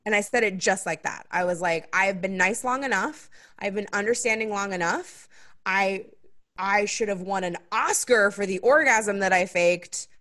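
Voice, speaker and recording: In a casual podcast chat, the young adult host relates a story and performs other people's dialogue with dramatic pitch swings. She talks at a normal speed, and her voice sounds pushed and bright.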